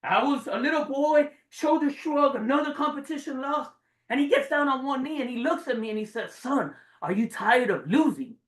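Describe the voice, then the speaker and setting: A man in his forties giving a motivational speech to a live audience, dramatic and swearing, jumping between loud bursts and hushed low lines. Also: brisk, far from the mic. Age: 40s. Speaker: motivational speaker. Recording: roomy sound from away from the mic.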